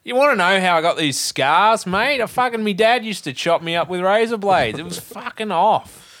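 Brief: a man playing a high, loud, rowdy Australian villain with scars, bloke energy. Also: expressive, moderate pace, no room sound. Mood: gleeful. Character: gleeful blokey Australian take on a scarred male villain.

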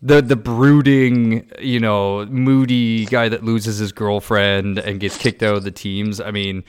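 A man's voice: lowish voice, steady tone, measured pace, smooth. Rambling podcast host man asking questions. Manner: leads the talk with rambling questions. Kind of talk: casual chat.

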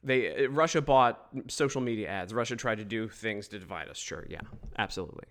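A man giving opinionated solo political commentary, emphatic and quick to mock others. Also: on the low side. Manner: emphatic, animated, mocking quoted voices.

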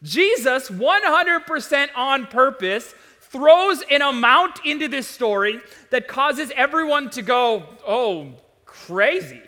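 Man, pastor preaching to a congregation, high-pitched and animated, reverberant church. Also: takes it slowly. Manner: animated, rising to loud emphatic peaks. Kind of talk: sermon. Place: church sanctuary. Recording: long hall reverb.

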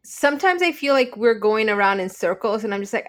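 A woman's voice: on the high side, lively intonation, brisk, a bit bright. Reflective woman in casual chat. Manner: reflective, thoughtful. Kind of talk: casual conversation.

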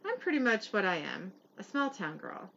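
A woman's voice: mid-range voice, sing-song, moderate pace, creaky, bright, forceful tone, highs cut off, slight background noise, exaggerated voice. A woman reading the lines of a down-to-earth, modest small-town woman sheriff in a plain, self-deprecating way. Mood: wistful.

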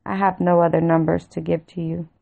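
A woman imitating an evasive male phone clerk who keeps repeating himself flatly. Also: lowish voice, a little fast, gravelly, phone-quality sound. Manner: flat, evasive, repetitive.

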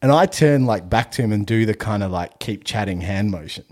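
Casual podcast host, Australian man, very low voice, loose and sweary, laughs through his anecdotes. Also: fairly even intonation, a little fast, darkish tone. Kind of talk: casual storytelling chat.

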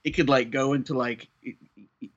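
A man muses aloud in a relaxed podcast chat, trailing off and laughing at himself. His voice is medium in pitch. The audio sounds dull and lo-fi. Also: fairly quick. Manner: rambling, self-deprecating, laughs. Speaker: podcast guest. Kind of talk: casual chat.

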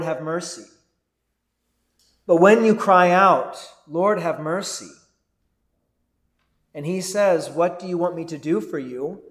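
A man preaching a sermon as pastor, earnest and deliberate, rising to fervent cries. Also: sits high, echoey room.

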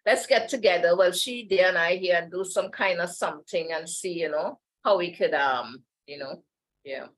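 A woman's voice: on the low side, normal speed, slight background noise, rough recording. A woman talks as a podcast guest, easy and meandering. She drifts from one thought to the next and laughs often. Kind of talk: casual interview chat.

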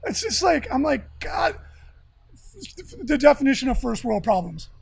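A man co-hosting a podcast, chatting casually and excitably about tabletop miniatures with jokes and mock rants. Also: extremely high pitch, moderate pace, vocal fry, husky. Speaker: podcast co-host. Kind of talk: casual hobby chat.

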